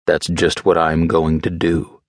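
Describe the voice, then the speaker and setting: A male narrator voicing a loyal, determined military officer who speaks quietly and earnestly. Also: very deep voice, completely flat delivery, measured pace, dry recording, clean studio sound. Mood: quiet resolve.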